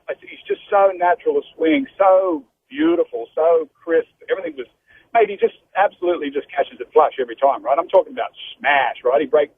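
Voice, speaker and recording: An Australian pro golfer in his fifties, telling golf stories as a guest on a radio interview, animated and saying "mate" often. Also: on the high side. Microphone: telephone. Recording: phone line with faint noise.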